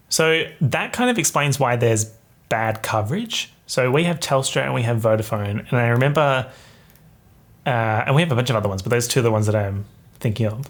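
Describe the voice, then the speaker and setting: A young man chats through a solo podcast episode. His voice sits at an ordinary middle pitch but jumps up in animated bursts as he recounts stories. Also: moderate pace. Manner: chatty and animated, with big pitch jumps when telling stories. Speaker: podcast host. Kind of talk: casual solo podcast chat.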